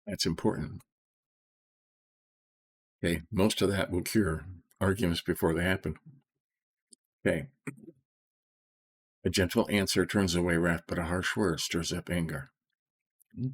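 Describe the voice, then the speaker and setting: A middle-aged man reading scripture and explaining it in an informal, soft-spoken way, often checking in with "okay?" and slowing down on key phrases. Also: low voice, fairly even intonation, slightly rough. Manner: slows right down to stress key phrases. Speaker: Bible study teacher.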